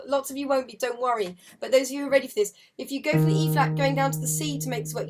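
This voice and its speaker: A woman teaching a harp lesson on a video call, chatty and encouraging, singing counts and rhythms as she explains. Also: sits high. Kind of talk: live online music lesson. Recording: loud harp music under voice. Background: harp playing.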